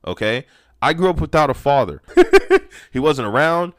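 A man's voice: on the high side, animated, normal speed, no room sound, studio quality. A young man hosting a show, delivering a heated, profane monologue with strong emphasis. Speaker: podcast host. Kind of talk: ranting monologue.

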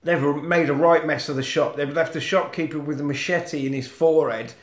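A man's voice: fairly high pitch, fairly even intonation, brisk. A man co-hosting a podcast, recapping a film in casual chat and swearing freely. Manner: swears freely, blunt storytelling. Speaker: podcast co-host. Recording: roomy echo.

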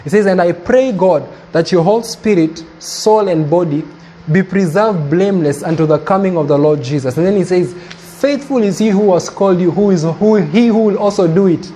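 High-voiced, mellow male preacher. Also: normal speed, a little hiss or hum. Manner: earnest, emphatic preaching with quoted scripture. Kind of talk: sermon.

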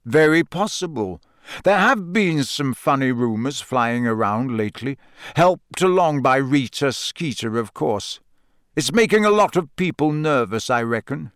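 A man voicing a gruff, grim older male wizard who talks slowly and mutters. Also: mid-range voice, lively intonation, a bit bright, no room sound, studio quality. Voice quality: gruff, growling. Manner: slow, muttering.

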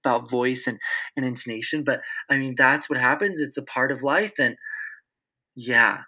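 A young man in his twenties, a guest explaining speech patterns in casual conversation, animated, with slightly sharpened S sounds. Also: mid-range voice, normal speed. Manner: animated, lively, slips into imitated voices. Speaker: interview guest, speech-language pathology student. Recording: dull, lo-fi sound.

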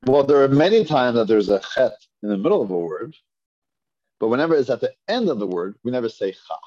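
A man's voice: mid-range voice, big pitch swings, fast talker, dark tone. Patient man teaching Hebrew reading. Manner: patient, repeats and drills pronunciations. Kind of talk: classroom reading lesson. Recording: dull lo-fi classroom recording.

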